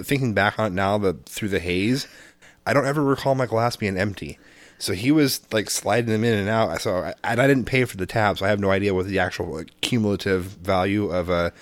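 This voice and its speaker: A man's voice: lowish voice, dry recording. Profane, rambling man telling stories. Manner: rambling, profane storytelling with frequent laughs. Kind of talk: casual chat.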